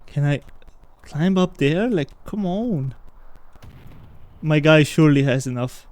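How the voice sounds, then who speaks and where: A man's voice: on the high side, slow pace, no echo. A man chatting casually as he plays through a game on stream, joking and talking to himself and his viewers. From Britain. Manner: animated, jokey, talks to himself and chat. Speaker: gaming streamer. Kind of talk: casual let's-play commentary.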